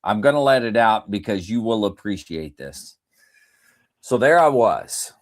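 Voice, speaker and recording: A man's voice: on the low side, measured pace. A male podcast host chatting casually and telling stories, laughing often as he talks. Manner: animated storyteller who laughs often. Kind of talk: casual chat and storytelling.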